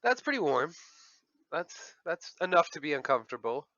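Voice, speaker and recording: A man hosting a livestream in loose, filler-heavy banter, his voice bright and forward. The sound is dry and a bit dull, like lo-fi stream audio from a desk mic. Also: on the high side, big pitch swings, normal speed, no room sound. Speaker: livestream host. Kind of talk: casual voice-chat banter.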